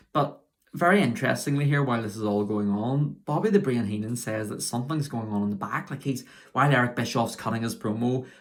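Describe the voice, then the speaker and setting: A man's voice: mid-range voice, fairly bright tone. A man talks casually into his own video review, rambling from point to point. He sounds keen on what he covers and keeps stopping to correct himself. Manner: chatty and enthusiastic. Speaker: wrestling show reviewer.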